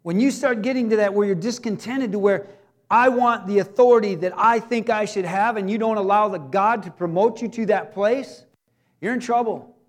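A man, a pastor, preaching a sermon in a folksy way with joking asides, swinging between emphatic raised lines and hushed quiet ones. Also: sits high, moderate pace.

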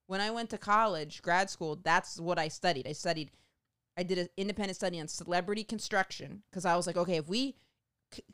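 A woman telling a rambling, profane comic story in a casual monologue, going off on animated tangents. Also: lowish voice, brisk, smooth, no echo, clean studio sound.

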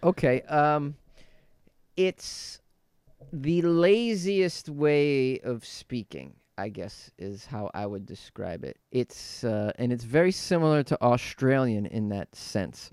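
A man from New England, a comedian guest, chatting casually on a podcast and slipping into rough put-on accents. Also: mid-range voice, takes it slowly, darkish tone, no echo, studio quality.

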